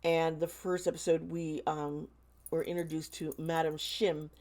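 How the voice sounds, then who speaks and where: This tarot channel host has a low, slightly mellow voice and a flat delivery. Addressing her viewers in a casual vlog, she speaks slowly and earnestly, frequently stopping, hesitating and starting her sentences over.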